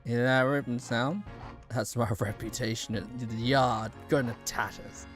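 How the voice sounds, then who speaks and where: A woman's voice: extremely low pitch, fairly even intonation, a little slow, music in the background, voice pushed down. A woman streamer voicing an irritable male British police inspector in a lazy, drawling put-on British accent, grumbling and scolding. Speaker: streamer voicing game characters.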